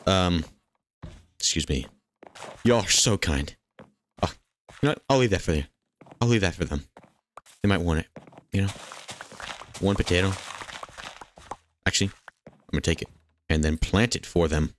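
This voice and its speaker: With a low voice at normal speed, this man pauses often, and there's a little hiss or hum in the audio. He hosts a gaming channel, joking casually through a video game, bursting out excitedly and bantering with the characters on screen.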